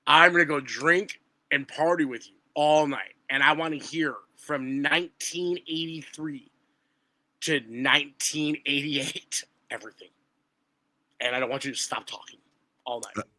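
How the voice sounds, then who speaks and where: Animated, profane man, bright voice. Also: fairly high pitch, measured pace, dry recording. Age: 20s. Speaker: guest musician. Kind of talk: casual podcast chat.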